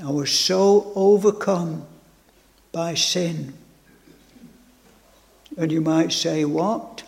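A man's voice: a little high, drawn-out words, gravelly. A man preaching a sermon with fervent, repeated phrases and stammered restarts. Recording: long hall reverb.

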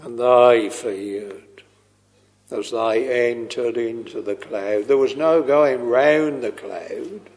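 A man preaching a slow, earnest sermon, tender and pleading as he quotes hymns. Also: mid-range voice, darkish tone. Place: church. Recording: long reverb of a large hall.

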